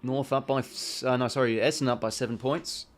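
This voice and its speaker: Excitable Australian man calling footy live. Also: mid-range voice, a little fast. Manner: casual, excitable, swears, talks to chat viewers. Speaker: livestream host calling a football match. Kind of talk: live watch-along commentary and chat.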